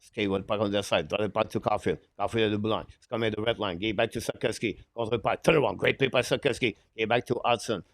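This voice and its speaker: A man calling a hockey game live as a fan play-by-play commentator, in rapid, clipped, broken phrases with eager, apologetic asides, speaking into a headset mic. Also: on the low side, steady tone, creaky, dry recording. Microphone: headphones with mic.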